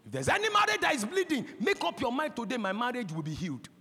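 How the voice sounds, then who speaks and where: Give me a Nigerian pastor in his forties, bright and husky, preaching with fire. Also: very high voice, wildly swooping pitch, fast. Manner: impassioned, breaks into shouting. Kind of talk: sermon. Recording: long hall reverb.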